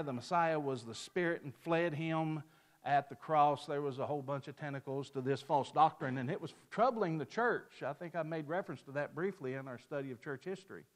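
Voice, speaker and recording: A man giving an emphatic sermon-style Bible lesson, lifting his voice on quoted verses and dropping it at the ends of phrases. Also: fairly high pitch. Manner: mimics a picky customer in a folksy aside. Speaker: preacher.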